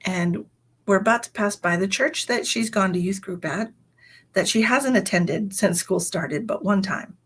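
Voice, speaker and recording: Husky chatty woman in her forties. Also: mid-range voice, measured pace, fairly bright tone. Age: 40s. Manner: chatty, fills with "you know". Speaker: psychic medium. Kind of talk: casual livestream storytelling.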